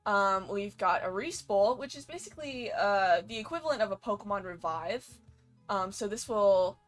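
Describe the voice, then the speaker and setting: A woman's voice: mid-range voice, expressive, moderate pace, soft background music. A woman hosting a let's play, with casual gameplay commentary, bubbly and playful, rambling with many fillers.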